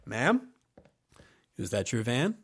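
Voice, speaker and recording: A cool-headed race director speaks in a level, patient voice that stays politely firm no matter what, as a man acts him out. He sounds a little higher and louder than the storyteller's own voice. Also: slow, breathy edge, exaggerated voice. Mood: calm firm. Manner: steady, patient, politely insistent. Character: calm, unflappable middle-aged male race director.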